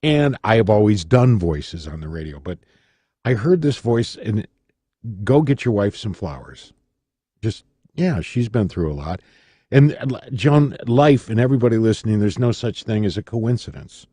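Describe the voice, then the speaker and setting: A man's voice: fairly low pitch, animated, normal speed, dark tone, slightly rough, no echo. A middle-aged man from Michigan, a radio personality speaking as a guest in a studio interview, telling his story dramatically and acting out the voices he quotes.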